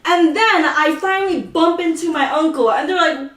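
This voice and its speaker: A woman from the Philippines telling childhood stories in casual chat, animated and laughing, acting out the voices of people in her stories. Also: very high voice, normal speed. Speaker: co-host. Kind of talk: casual storytelling. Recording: roomy echo, mic at a distance.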